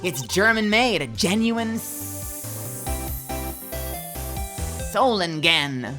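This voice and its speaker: A woman's voice: lowish voice, animated, very slow. A woman voicing a brash, folksy Southern woman photographer with a thick drawl, as music plays behind. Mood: boisterous. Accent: American Southern.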